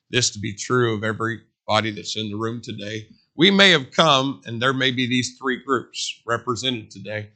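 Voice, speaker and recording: A man's voice: medium pitch, pushed and bright. A man preaching a sermon in a conversational, storytelling way, stressing points by repeating them. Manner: conversational storytelling with emphatic repetition.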